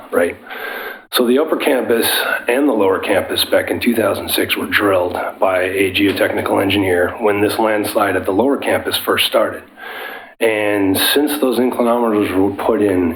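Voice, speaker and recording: Engineer with a cold, low gravelly voice, explains technical detail at a city meeting, faint hum behind. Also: male voice, poor audio. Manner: explanatory, technical, some restarts. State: has a cold. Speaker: geotechnical engineer presenting. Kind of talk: public meeting presentation.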